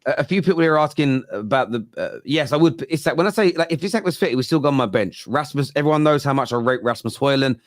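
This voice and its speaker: A man's voice: mid-range voice, expressive, fast, hardly any pauses, dry recording. Male, late 30s, London accent. Jokey fan-podcast host, dry mic. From England. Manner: jokey, banters and reads out viewer comments. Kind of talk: casual fan podcast debate.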